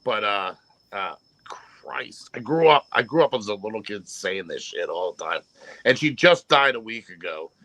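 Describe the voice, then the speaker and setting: A man's voice: fairly low pitch, animated, moderate pace, bright, forceful tone, no echo, poor audio. A man from New Jersey, a guest on a casual chat show, telling stories animatedly and swearing freely.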